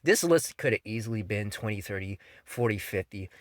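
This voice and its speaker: A male manga reviewer rants in a profane, exasperated, mocking tone. His pitch swings widely from phrase to phrase. The sound is dry and close. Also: expressive, fairly quick, no room sound. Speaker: manga reviewer, channel host. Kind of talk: opinionated rant review.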